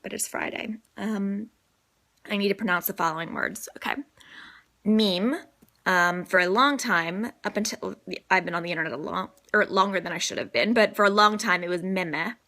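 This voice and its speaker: A woman's voice: medium pitch, fairly quick, pushed and bright. Young woman from new orleans, light southern lilt, rambling and sleepy, talking into her phone from bed. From New Orleans, Louisiana. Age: 20s. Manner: chatty, rambling, sleepy and self-deprecating. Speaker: vlogger. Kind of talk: casual accent-tag vlog. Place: in bed at home. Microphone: phone at arm's length.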